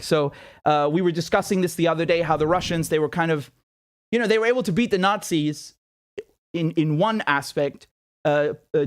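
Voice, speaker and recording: A man hosting a political commentary show, talking casually in a sarcastic, indignant rant with swearing. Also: on the high side.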